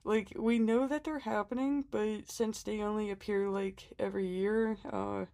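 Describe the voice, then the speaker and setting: Sick and short of breath, this vlogger walks through her budget planner at a moderate pace, chatting with frequent ums, little laughs and self-deprecating remarks. Her mid-range voice is gravelly and mellow with fairly even intonation, recorded at studio quality with no room sound.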